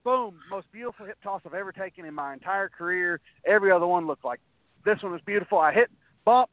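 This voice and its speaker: A man's voice: high voice, fast. A man in a casual interview, spinning long anecdotes in a slightly raised voice, stumbling over restarts and acting out other people's lines. The sound is thin and phone-like, and it is close and dry with no room echo. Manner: rambling anecdotes with many restarts and acted-out quotes. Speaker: guest, wrestler.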